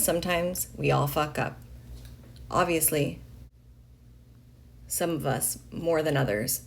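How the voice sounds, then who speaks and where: A woman reading a letter aloud in a slow, deliberate way, pausing between phrases. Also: low-pitched. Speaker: reader of a letter.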